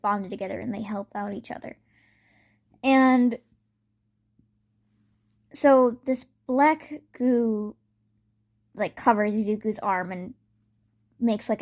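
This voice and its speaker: A woman's voice: mid-range voice, darkish tone. Rambling woman retelling a fan story. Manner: rambling with many fillers.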